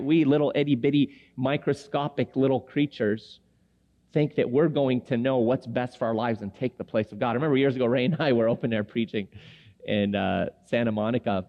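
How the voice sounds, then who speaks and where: A man in his forties, born in Lebanon, preaching to men in a chatty, humorous storytelling way and acting out the people in his stories. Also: mid-range voice. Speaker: preacher at a men's gathering. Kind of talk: storytelling sermon. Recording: echoey hall, dull lo-fi sound.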